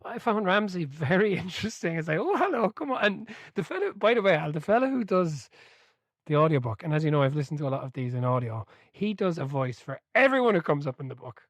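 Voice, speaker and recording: A man hosting a book club podcast, chatting casually and telling stories with animated energy, laughing and swearing freely. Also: fairly high pitch, fast talker, no room sound.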